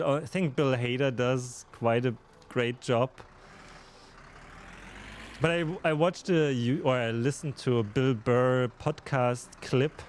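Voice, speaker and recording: Chatty German-accented man streaming. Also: mid-range voice. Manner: chatty, laughs often, talks to viewers. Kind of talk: casual live-stream chat while gaming.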